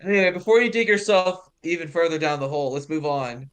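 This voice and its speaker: A man co-hosting a TV aftershow in casual chat, making dry, deadpan quips. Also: on the high side, fast. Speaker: aftershow co-host.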